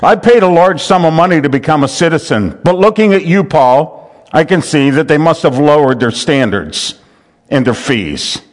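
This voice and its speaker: A man's voice: on the high side, animated, moderate pace, close to an everyday voice. A man voicing a proud ancient Roman officer who talks down with sarcasm while teaching a Bible class. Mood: belittling. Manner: sarcastic, talking down.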